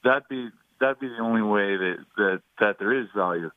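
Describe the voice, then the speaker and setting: A man's voice: on the low side, moderate pace, no echo. A man co-hosting sports radio, skeptical and argumentative as he pushes back on the betting claims. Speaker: radio co-host. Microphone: phone. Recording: dry tinny phone line.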